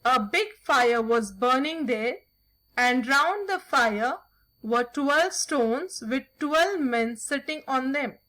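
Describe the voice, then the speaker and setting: Slow-reading woman teacher. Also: sits high, pushed and bright, poor audio. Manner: slow, careful reading with instructions. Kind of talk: reading a story aloud with vocabulary instructions.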